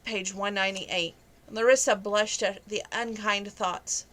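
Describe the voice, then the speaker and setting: A woman's voice: mid-range voice, steady tone, a little slow, fairly bright tone. A woman reading a novel aloud in a conversational way, with small stumbles now and then. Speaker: reader.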